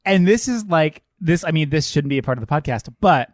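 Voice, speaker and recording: A man co-hosts a casual film podcast, and his voice sits fairly high for a man. He talks in an animated, riffing way and breaks into laughter as he mocks things. The mic is close, with a dry sound. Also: a little fast, dry recording. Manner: animated, laughing, mocking put-on accents. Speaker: podcast co-host. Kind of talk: casual film-review chat.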